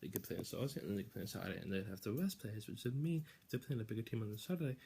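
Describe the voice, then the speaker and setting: A man's voice: lowish voice, expressive, very fast, vocal fry, mellow, a little hiss or hum. A young man casually giving football predictions, rambling, swearing and restarting sentences often.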